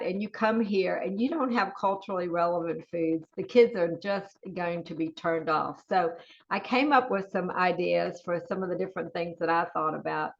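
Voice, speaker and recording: A woman's voice: fairly low pitch, vocal fry, dull audio. A woman with a Southern US accent presenting a webinar, walking through menu items with chatty, enthusiastic asides. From Southern United States. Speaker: webinar presenter, school nutrition.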